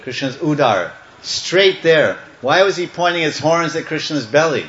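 Animated man telling a devotional story. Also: fairly high pitch, measured pace. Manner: animated, chanting, playful. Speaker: devotional speaker. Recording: echoey, slightly muffled room.

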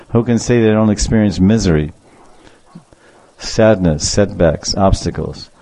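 A male preacher delivers a devotional talk as a lively storyteller, acting out the quotes as he goes. His voice sits at an ordinary middle pitch. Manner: animated storyteller, acts out quotes, laughs.

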